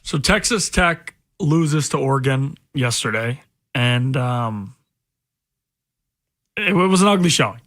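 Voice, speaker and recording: A man's voice: medium pitch, lively intonation, measured pace, long pauses, a bit bright. A man co-hosting a sports talk radio show, giving blunt, exasperated takes in a studio. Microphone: studio microphone.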